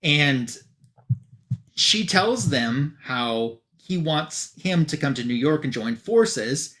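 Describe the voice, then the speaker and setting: A man casually summarizing a comic book issue for a review show, chatty with loose fillers and quick asides. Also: fairly high pitch, animated, a bit bright.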